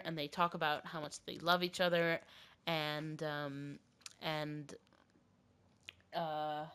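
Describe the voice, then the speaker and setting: A woman's voice: fairly low pitch, clear, resonant tone. A woman hosting a podcast, with a cough, casually retelling a myth in a rambling, filler-heavy way. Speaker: podcast host.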